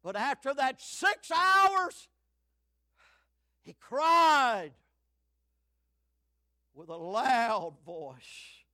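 Old preacher guy in his 70s, really high bright voice, fiery sermon going loud then hushed. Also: big pitch swings, very slow, long pauses. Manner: fiery, swings from shouting to hushed.

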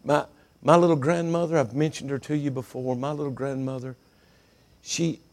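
A middle-aged preacher man delivers a sermon in a gravelly, crackling voice. He tells folksy stories and doubles his words for emphasis. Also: mid-range voice, fairly even intonation, moderate pace.

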